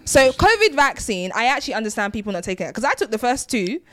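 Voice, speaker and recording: A woman's voice: on the high side, sing-song, fast talker, fairly bright tone. Emphatic woman with a Nigerian accent. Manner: emphatic and opinionated. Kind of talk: casual chat.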